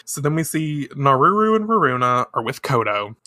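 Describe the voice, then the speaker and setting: A podcast co-host giving an animated, casual recap of an anime episode, slipping into character voices. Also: mid-range voice, moderate pace, no echo.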